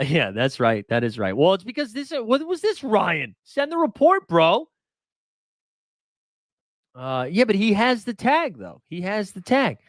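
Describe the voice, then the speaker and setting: A man hosting a casual livestream, chatting and reading viewer comments, animated, swinging from mock outrage to mumbled asides. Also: medium pitch, dry recording, clean studio sound. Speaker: livestream host.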